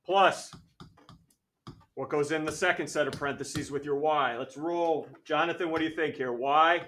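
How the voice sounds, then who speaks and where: A male math teacher lecturing a classroom, energetic and jokey, calling on students by name. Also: a little high, moderate pace, slight background noise. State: out of breath.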